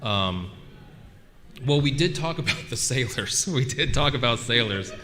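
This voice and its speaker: A man's voice: mid-range voice, animated, a little slow, bright, forceful tone. A man voice actor chatting on a convention panel, laughing and rambling through an anecdote.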